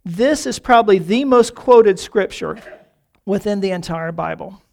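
High-voiced gravelly man preaching. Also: animated. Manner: repeats phrases, often addresses listeners as folks; slows down on key phrases for emphasis. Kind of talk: sermon.

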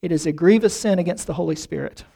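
Speaking quickly in a medium-pitched voice that is creaky and warm, a pastor delivers an earnest church sermon. He often says the first word of a phrase twice.

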